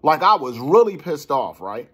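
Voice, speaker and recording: A man in his forties telling a personal story in a casual, animated way, getting worked up and repeating words. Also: fairly high pitch, moderate pace, husky.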